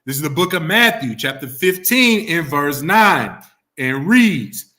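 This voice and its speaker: A man leads a religious class, drawing answers from his students through questions, often repeating himself and reading scripture with slow deliberation. His voice runs high, swings widely in pitch, and sounds bright and forceful.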